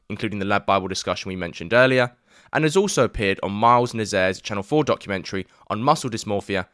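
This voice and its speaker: A man's voice: on the low side, a bit bright, dry recording. Man, podcast host, matey banter, dry sound. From East London. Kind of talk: podcast interview. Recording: dry remote podcast recording.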